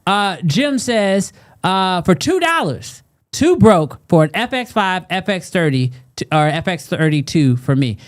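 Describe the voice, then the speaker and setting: A man's voice: sits high, a little slow. A man co-hosting a livestream, teasing viewers in casual banter. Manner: playful teasing, animated and loud bursts. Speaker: podcast co-host.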